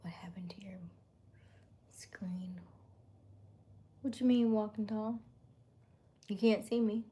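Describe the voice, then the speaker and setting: Woman doing a chill livestream chat, slow and easy, says hi to everyone by name, laughs a lot, talks between bites. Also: medium pitch, fairly even intonation, mellow, husky. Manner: chatty, greets viewers by name; talks while eating dinner. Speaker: livestream host.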